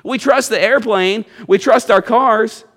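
High-voiced man preaching a conversational sermon. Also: measured pace, a bit bright. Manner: conversational preaching, asks the congregation "you see?". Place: church.

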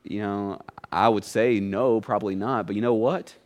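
Conversational preacher with a swinging voice. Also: male voice, steady tone, normal speed. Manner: conversational preaching, often rises in pitch and volume for emphasis; reads scripture, then voices grumbling people in a higher tone. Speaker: pastor. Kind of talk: sermon. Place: church.

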